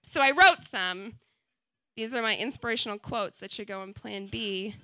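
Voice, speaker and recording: A young woman performing a stand-up comedy set on a club stage, chatty and wry, with deadpan punchlines and plenty of "like". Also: mid-range voice, normal speed, no echo.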